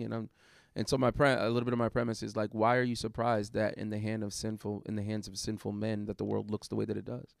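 A man's voice: on the low side, steady tone, fast, vocal fry, few pauses, dry recording, clean studio sound. A man recounting a sermon he preached, talking it through thoughtfully with lots of fillers and restarts. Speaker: guest preacher. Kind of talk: casual conversation about a sermon.

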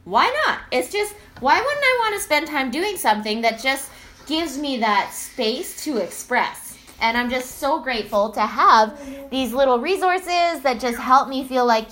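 A woman's voice: sits high, a little slow, a little hiss or hum. A woman talking casually and chattily about her piano practice at home, full of fillers. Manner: chatty, animated, lots of fillers. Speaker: vlogger. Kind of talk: casual reflective vlog talk.

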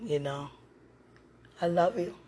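A lowish, dark, husky voice, expressive and slow-paced, belongs to a mother hosting a podcast from her home. Speaking affectionately and intimately to a listener in a one-sided chat, she laughs often and makes frequent religious exclamations, calling out to God.

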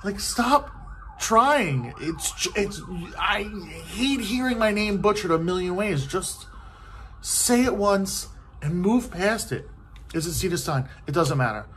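A man's voice: sits high, animated, a little slow, a bit bright. A man talks in a loose, rambling rant from a hotel room, his voice sitting a little above the usual male range. He swears freely and sounds worn out by the topic, filling gaps with "like" and "you know." A faint television murmurs in the background. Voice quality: profane, loose, exasperated delivery with many fillers. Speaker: vlogger. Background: faint TV noise.

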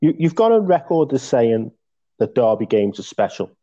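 A man's voice: medium pitch, very animated, normal speed, warm tone. A man interviewing a guest, asking questions hesitantly with many fillers and murmured agreement. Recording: slightly dull lo-fi audio.

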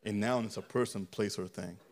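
A man's voice: on the low side, steady tone, brisk, vocal fry, darkish tone. A man preaching a sermon in a church, his voice giving out, with a fervent, repetitive cadence that moves into a closing prayer.

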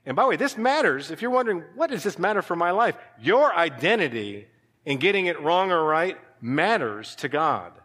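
A male pastor preaching a sermon, animated, with sudden drops to a hushed voice. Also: fairly high pitch, normal speed. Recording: long hall reverb.

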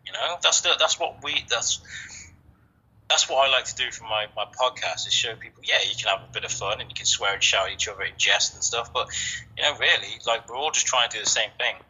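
A man chatting on a podcast in a very bright, tense voice with a husky edge. He talks earnestly, swears freely and restarts his sentences often. The sound is dull and lo-fi. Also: medium pitch, a little fast. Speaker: podcast host. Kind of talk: casual chat.

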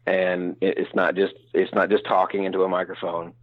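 A man's voice: sits low, monotone, a little fast, no room sound, narrow, tinny audio. A man talking frankly in a casual interview, rambling and self-deprecating with many restarts. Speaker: voice actor guest.

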